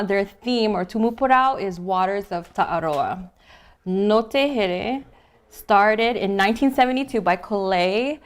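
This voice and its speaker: A woman co-hosting a live stream, reading out group introductions with playful asides. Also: mid-range voice. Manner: laughs easily, playful asides. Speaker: livestream co-host.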